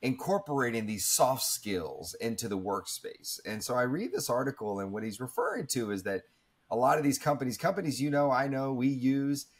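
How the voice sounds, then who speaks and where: A man's voice: mid-range voice, sing-song, normal speed, slightly rough. A man in his thirties, telling a personal story in an interview in an earnest, reflective way, with many fillers and restarts. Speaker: guest speaker.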